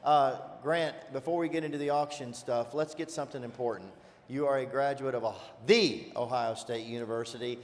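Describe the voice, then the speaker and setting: A man conducting an upbeat, loud live stage interview at an event. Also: mid-range voice, fairly even intonation, fairly quick, long reverb tail. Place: convention stage.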